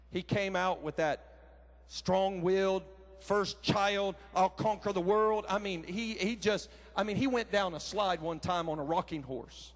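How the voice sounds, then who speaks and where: A man, preaching a sermon with folksy personal stories, animated and breaking into shouts. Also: high voice. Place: large conference hall.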